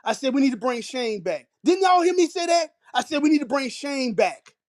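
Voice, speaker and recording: A man with an African American Vernacular English accent leads a scripture reading as a teacher, offering street-preaching commentary that is blunt and commanding, full of interjections. His voice is extremely high-pitched, expressive and brisk.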